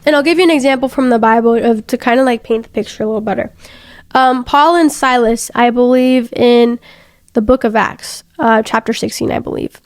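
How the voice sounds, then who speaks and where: Young female host, high voice, earnest casual devotional chat, dry close sound. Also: brisk, no room sound. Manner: earnest, storytelling, many fillers and restarts. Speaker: faith podcast host.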